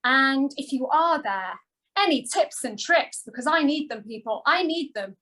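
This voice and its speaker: A woman's voice: high-pitched, animated, a little slow, pushed and bright, rough recording. Upbeat woman co-host talking to the audience. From outside the United States. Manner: enthusiastic, talks straight to the audience. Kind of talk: casual chat.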